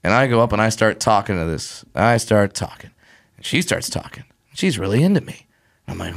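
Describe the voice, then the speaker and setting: Animated storytelling man. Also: a little fast, creaky. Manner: animated storyteller, acts out voices with big pitch jumps. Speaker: comedian guest. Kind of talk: casual chat, storytelling.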